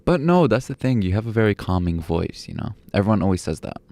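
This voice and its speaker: A man's voice: fairly low pitch, sing-song, fast, mellow, no echo. A young man co-hosting a casual podcast chat, joking and teasing, often laughing. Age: young adult. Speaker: podcast co-host.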